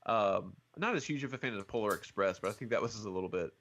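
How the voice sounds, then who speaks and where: A man leading a casual movie podcast discussion, relaxed and self-deprecating, with hesitant fillers. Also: lowish voice, quick pace, muffled recording. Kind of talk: casual chat about movies.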